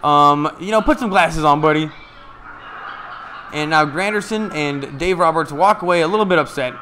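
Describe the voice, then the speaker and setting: A man giving casual, excited live play-by-play of a ball game from a stream, chatting to his viewers. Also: fairly high pitch, moderate pace, a little hiss or hum.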